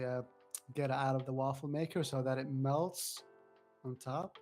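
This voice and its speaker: A man's voice: mid-range voice, a little mellow. A man chatting as a guest on a live stream over a video call, his voice strained from singing and cracking now and then. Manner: enthusiastic, explains step by step. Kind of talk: casual chat.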